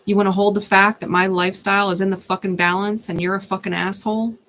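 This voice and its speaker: A young adult woman delivers a fired-up, unscripted monologue, swearing freely and talking bluntly. Her voice has a gravelly, fry-edged texture at a middle pitch. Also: level tone, quick pace, fairly bright tone. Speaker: tarot reader.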